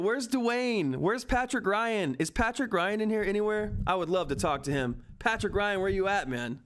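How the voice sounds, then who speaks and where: A young man commentating live on a stock chart, excited and frantic, often repeating himself. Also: sits high. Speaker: stock market streamer.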